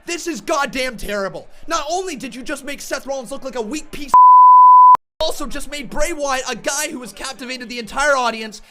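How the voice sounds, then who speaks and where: A young man in an angry shouted rant, swearing and repeating himself as he reacts to a wrestling show. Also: very high-pitched, brisk.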